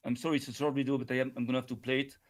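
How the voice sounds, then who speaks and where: A man's voice: medium pitch, little pitch movement, racing. A man, taunting and stammering through restarts in a heated online debate. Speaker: flat-earther guest.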